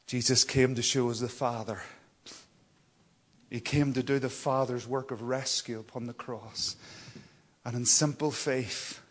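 A man preaching a sermon, dropping to hushed whispers and rising to loud, emphatic cries. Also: medium pitch, fairly even intonation, measured pace.

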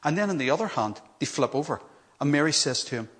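A man's voice: fairly high pitch, fast. Earnest male preacher. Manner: earnest, animated storytelling with emphatic repetition. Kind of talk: sermon.

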